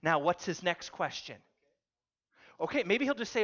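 A man preaching a sermon, telling a story with animated delivery and putting questions to his audience. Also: high-pitched, brisk, long pauses, dull audio. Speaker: pastor.

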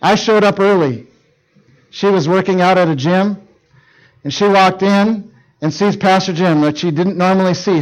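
Preaching to a teenage audience, this middle-aged pastor from Canada tells a story and performs the dialogue with urgency. He has a high voice, captured in a low-quality recording.

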